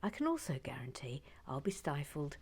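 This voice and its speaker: A woman's voice: deep voice, very animated, normal speed, slightly rough. A woman reading out listener messages in a casual, giggly chat, often trailing off into whispers. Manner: giggly, self-interrupting, drops into whispers.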